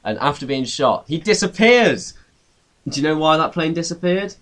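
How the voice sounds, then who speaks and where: A man's voice: a little high, lively intonation, moderate pace, fairly bright tone. Young man deadpanning an absurd story. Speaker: podcast co-host. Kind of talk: improvised comic storytelling.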